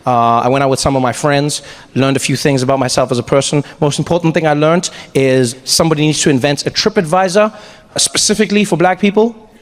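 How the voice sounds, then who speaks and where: A man's voice: on the high side, brisk. A man performing stand-up comedy, with conversational, rambling setups leading to punchlines. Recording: live hall with audience noise.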